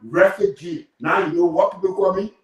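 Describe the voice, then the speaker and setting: Blunt, animated Liberian man, roomy sound. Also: medium pitch, brisk, recorded from a distance, lo-fi sound. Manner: blunt, animated, swears freely. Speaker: interview guest. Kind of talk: live interview storytelling. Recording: echoey room, voice off-mic.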